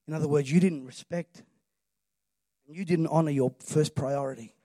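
High-voiced preacher, dry sound. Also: male voice, steady tone, normal speed, warm tone, dry recording. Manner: emphatic preaching, calls for audience response. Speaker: pastor. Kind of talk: sermon.

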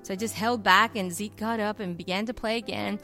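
A middle-aged woman pastor preaching a sermon, telling personal stories in an animated way and acting out the voices she quotes. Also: mid-range voice, brisk, soft background music.

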